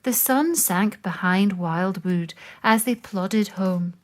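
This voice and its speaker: A woman reading a children's picture book aloud, with slow, expressive storytelling. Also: medium pitch.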